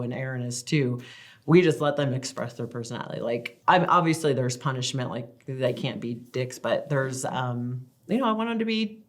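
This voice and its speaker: A woman in her thirties, a guest in a casual interview, telling family stories in a chatty, animated way. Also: rumbling low, moderate pace. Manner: chatty, animated storytelling with acted-out quotes. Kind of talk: casual chat.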